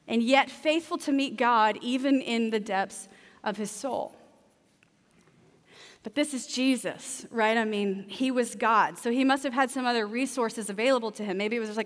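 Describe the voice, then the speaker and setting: High-voiced woman preaching in a reverberant hall. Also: fairly bright tone. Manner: conversational and humorous, acting out scenarios. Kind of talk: sermon.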